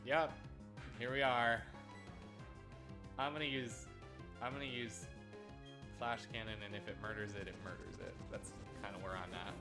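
A man's voice: fairly low pitch, steady tone, normal speed, long pauses, over music. A man casually commenting on a video game as he plays, sarcastic, often repeating words in exasperation. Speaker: let's play host.

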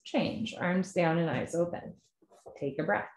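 A woman teaching a guided yoga class, giving calm step-by-step cues. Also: on the low side, unhurried. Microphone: camera mic. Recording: echoey room.

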